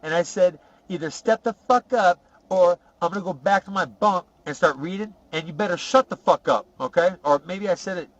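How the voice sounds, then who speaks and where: A man's voice: high-pitched, a little fast, dry recording, muffled recording. A podcast host voicing a boastful, profane male ex-convict who rambles through tough prison stories in a comic character monologue. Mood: swaggering. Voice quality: rough, profane, rambling storyteller.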